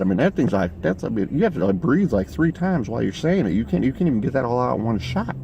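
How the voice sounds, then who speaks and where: A man telling a rambling comic story while driving, full of fillers and restarts, with a deadpan delivery. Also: mid-range voice, fast talker, gravelly, few pauses, a little hiss or hum. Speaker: comic character vlogger. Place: in a vehicle, driving.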